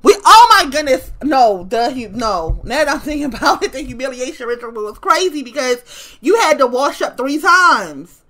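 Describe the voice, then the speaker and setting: Woman, high voice, bright tone, blunt, profane, laughs often, casual vlog rant. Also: very animated, moderate pace. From West Baltimore, US. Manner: blunt, profane, frequent laughter, emphatic repetition. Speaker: vlogger.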